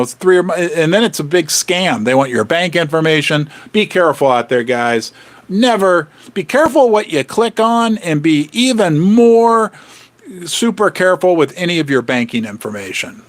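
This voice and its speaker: A man hosting a casual livestream, rambling and animated as he chats with viewers. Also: on the high side, normal speed. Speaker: livestream host. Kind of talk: casual livestream chat about finance.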